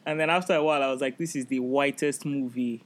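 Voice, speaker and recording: A young adult woman co-hosting a podcast, chatting casually, blunt and swearing freely as she tells animated stories. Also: very deep voice, fast talker. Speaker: podcast co-host. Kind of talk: casual chat.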